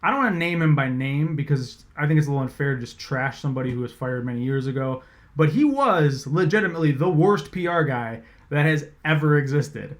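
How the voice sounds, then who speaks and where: A man, a sports reporter, casually telling an animated, swear-laced story about his job. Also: on the high side, brisk. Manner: animated, conversational, swears freely.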